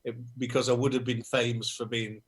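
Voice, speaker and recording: A man from Liverpool with a Liverpool accent, a musician guest telling anecdotes in a relaxed, self-deprecating way. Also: mid-range voice, a little fast. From Liverpool, England. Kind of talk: casual interview chat.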